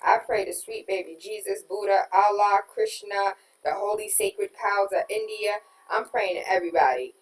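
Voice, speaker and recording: A woman hosting a radio talk show, reading out listener comments and venting in an exasperated, emphatic way that swings from loud outrage to quiet disbelief. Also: mid-range voice, normal speed, hardly any pauses. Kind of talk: casual political talk. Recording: roomy and distant from the mic.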